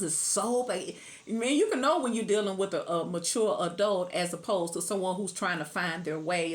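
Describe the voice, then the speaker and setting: A middle-aged woman giving a casual tarot reading to camera, chatty, laughing often and sometimes breaking into song. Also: mid-range voice. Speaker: tarot reader.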